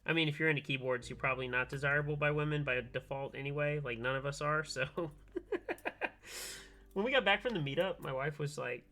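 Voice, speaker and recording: A man streaming from his workbench, telling a long story in animated casual chat and acting out both sides of a phone call. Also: on the high side, fairly quick. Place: home workbench, soldering keyboards.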